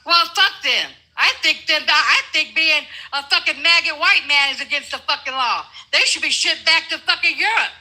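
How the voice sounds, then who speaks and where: A woman's voice: sits high, normal speed, few pauses, pushed and bright, poor audio. An older woman arguing as a guest in a heated livestream debate, blunt, confrontational and full of profanity.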